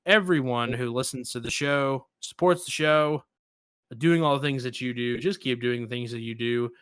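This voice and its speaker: A man's voice: mid-range voice, normal speed, smooth, dry recording, studio quality. A man hosting a podcast, chatting casually and animatedly acting out the jokes he retells. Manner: animated storyteller, acts out quotes. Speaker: podcast host.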